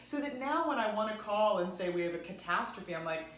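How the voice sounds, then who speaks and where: A woman co-hosting a relaxed advice chat, animated and theatrical as she acts out the people she quotes. Her voice sits at an ordinary pitch. It carries a noticeable echo from the room around her. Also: fairly quick. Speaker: podcast co-host.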